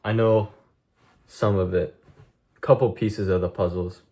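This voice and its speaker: Speaking to his stream's chat in a fairly low, steady, warm voice at a measured pace, a young man vents intensely about discipline and cutting things out. The casual monologue is blunt and full of profanity.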